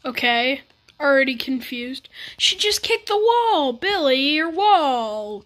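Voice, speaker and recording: A woman with a high, bright voice reacts to a music video with comic bewilderment. She stammers and restarts as she fires off exasperated questions at the screen. It is loose, running commentary. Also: sing-song, slow.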